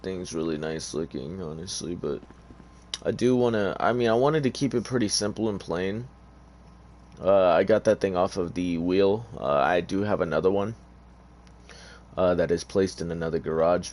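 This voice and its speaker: A man's voice: deep voice, darkish tone, a little hiss or hum. A tired man giving casual, rambling gameplay commentary in an offhand, hesitant way. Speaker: gamer.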